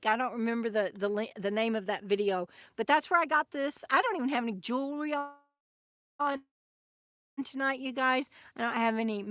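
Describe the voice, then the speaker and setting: Woman, fairly high voice, dry close sound, rambling live-stream chat with viewers. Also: fairly bright tone, dry recording. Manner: chatty, rambling, reads viewer comments aloud, laughs often. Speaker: RV vlogger hosting a live stream. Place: RV camp in the desert.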